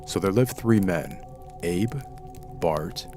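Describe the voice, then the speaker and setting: A man's voice: sits low, animated, slow pace, music in the background. A man narrating true scary stories in the first person, reading them dramatically. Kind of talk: scripted horror story narration.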